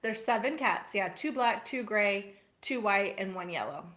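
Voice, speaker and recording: A woman co-hosting a casual podcast, telling an animated story with frequent laughs. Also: medium pitch, unhurried. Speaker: podcast co-host. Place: farm household.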